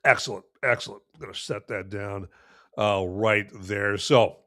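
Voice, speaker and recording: A man's voice: lowish voice, little pitch movement, slow pace, fairly bright tone, no room sound, clean studio sound. A man hosting a live podcast, reviewing a beer in a rambling, folksy way with many fillers and restarts. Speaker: podcast host.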